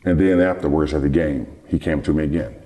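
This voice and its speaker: A middle-aged man with a strikingly low, dark voice tells a rambling story in an interview. He acts out the voices of the people he quotes as he goes. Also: steady tone, fast. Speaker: guest, former basketball player.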